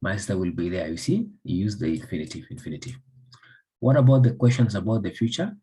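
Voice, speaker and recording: A man's voice: lowish voice, expressive, fast talker, dark tone, slightly rough, low-quality recording. A man from Somalia, teaching an English grammar lesson by repeating example sentences and asking the class questions.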